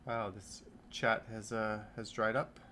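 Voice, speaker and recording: A man in his thirties hosts a casual livestream, chatting as he reads viewers' comments aloud and riffs on them. His voice is on the low side, slow and flat with a sharp tone, over slight background noise.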